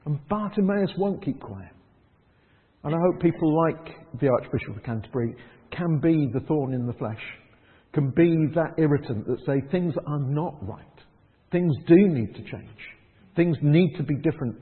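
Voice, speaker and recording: A man preaching a conversational sermon in church, lively and chuckling, dropping to soft prayerful tones. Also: a little high, moderate pace, long reverb tail, phone-quality sound.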